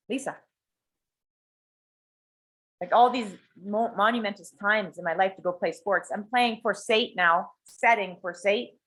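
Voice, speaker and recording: A woman talking in a blunt, animated way, swearing freely as she leads a small group. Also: medium pitch, normal speed. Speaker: coach and workshop leader. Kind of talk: casual talk to a small group.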